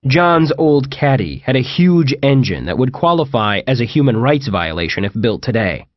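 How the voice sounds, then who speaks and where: A man's voice: medium pitch, sing-song, moderate pace, no echo, dull audio. A man narrating a first-person comic horror audiobook in a wry storytelling manner. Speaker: audiobook reader.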